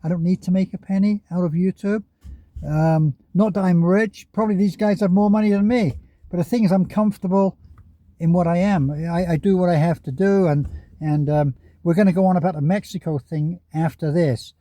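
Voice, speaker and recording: Man, vlogger, parked car, mellow tone, fairly high voice, rambling, chuckles. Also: steady tone, brisk, no echo. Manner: chatty, chuckles often, trails off. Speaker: vlogger commenting on other YouTubers. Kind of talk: casual rambling commentary.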